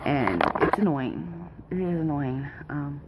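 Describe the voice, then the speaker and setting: A woman's voice: low voice, animated, takes it slowly, heavy background noise. A young woman, a mother vlogging at home, rambling nervously and laughing often. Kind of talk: casual rambling chat. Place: home, indoors.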